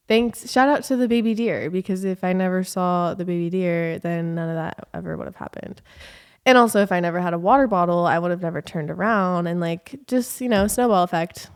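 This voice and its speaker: A young woman from California, telling a rambling story in a casual vlog, animated and full of fillers. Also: fairly low pitch. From Southern California. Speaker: vlogger.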